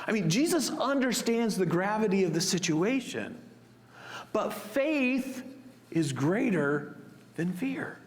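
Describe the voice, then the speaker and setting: A man preaching a sermon as pastor, expressive and acting out the disciples' panicked cries. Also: high-pitched, slow, big-room sound.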